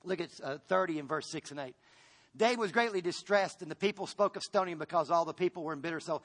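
At a quick pace, a fairly high-voiced man preaches a sermon in full pastor mode. He alternates between loud, urgent lines and hushed ones, often repeating himself and restarting phrases.

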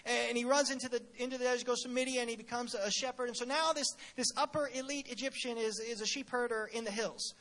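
A pastor preaches in a very high, bright, ringing voice. He retells Bible stories with lively humor and keeps stumbling over repeated words as he pushes forward. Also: fast talker, hardly any pauses. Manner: animated, humorous storytelling; stutters on repeated words. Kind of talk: sermon.

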